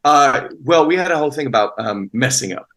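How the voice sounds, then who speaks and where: A man's voice: mid-range voice, expressive, brisk, fairly bright tone, low-quality recording. A man talking as a guest actor in a casual interview, rambling with many restarts and fillers.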